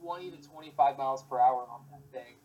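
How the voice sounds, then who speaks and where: A man's voice: mid-range voice, fast talker, phone-quality sound. A young man in casual chat, laid-back and rambling with lots of fillers.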